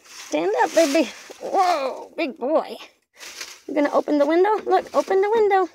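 A woman's voice: very high voice, lively intonation, moderate pace, a little mellow, a little hiss or hum. An older woman, a grandmother, talking baby talk to her toddler grandson in a sing-song, coaxing, playful way, outdoors in a back yard.

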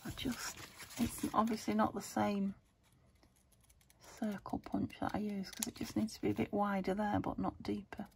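A woman's voice: mid-range voice, level tone, normal speed, vocal fry, darkish tone, slight background noise. A British woman hosting a crafting video, chatting casually and muttering to herself as she works at her table, sometimes dropping to a whisper. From United Kingdom. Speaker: craft channel host.

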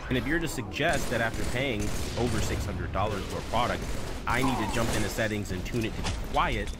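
A man's voice: fairly low pitch, brisk, heavy background noise. A man in a played clip complaining in an aggrieved tone.

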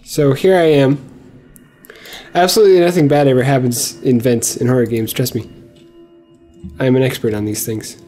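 A man's voice: mid-range voice, steady tone, normal speed, long pauses, dark tone, soft background music. A young man commenting on a horror game as he plays, joking and sarcastic while he rambles to himself. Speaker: gameplay commentator. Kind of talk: let's play commentary.

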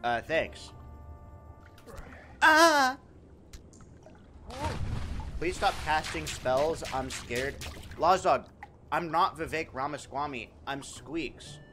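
A young man live-streaming in casual chat, animated and profane as he jokes back at his viewers. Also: fairly high pitch, slow, music in the background. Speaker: livestreamer.

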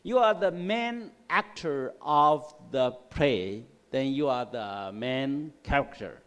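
Slow-talking male English teacher, hall reverb. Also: medium pitch, animated, a bit bright, smooth. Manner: slow, repetitive explaining with frequent "right?" and "okay?". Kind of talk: classroom lecture on word roots. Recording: long hall reverb in a classroom.

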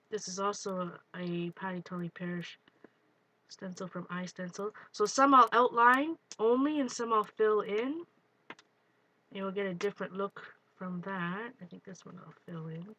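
A woman hosting a live art stream, chatting excitedly as she works and greets viewers. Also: mid-range voice, normal speed. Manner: excitable, talks while working, greets viewers. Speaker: art livestream host. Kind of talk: live crafting demo, chatty.

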